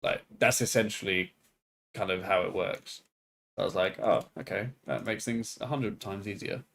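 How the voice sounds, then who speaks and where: A man streaming animation work, explaining his process in a relaxed, everyday way. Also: on the low side, normal speed, vocal fry. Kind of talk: casual chat on a stream.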